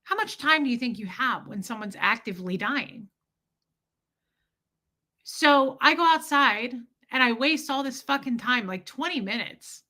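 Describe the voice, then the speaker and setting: A woman podcast host with a high, sharp-toned voice tells a personal story. She rambles candidly and emotionally, swearing freely as she goes.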